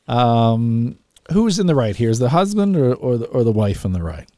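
A male radio host talking through a listener's dilemma, in a mellow, relaxed voice recorded dry and close in the studio. He is chatty and laughs easily, often restarting his sentences. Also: mid-range voice, normal speed, dry recording. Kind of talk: call-in radio talk.

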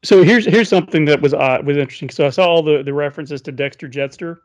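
A man's voice: a little high, quick pace. A man co-hosting a casual podcast, retelling a story with lots of "uh" and "he says", on a muffled recording. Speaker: podcast co-host. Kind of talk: casual recap chat.

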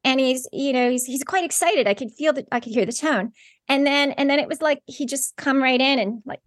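A woman guest in an interview, telling a story with excitement and many fillers and restarts. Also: high-pitched, dry recording, studio quality. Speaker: guest, spiritual channeler.

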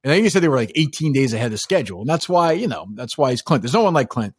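A man of middle pitch holds forth on films in a casual podcast chat. He rambles, circles back, and delivers blunt verdicts. His voice is recorded close and dry. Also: sing-song, rapid-fire, husky, dry recording. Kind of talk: casual movie-discussion chat.

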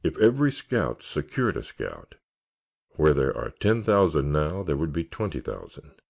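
A man's voice: extremely low pitch, big pitch swings, moderate pace, vocal fry, darkish tone, slightly rough, exaggerated voice. A man reading the part of a genial male scoutmaster giving an earnest, rallying speech in an audiobook. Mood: rousing. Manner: earnest, oratorical, rallying cheers.

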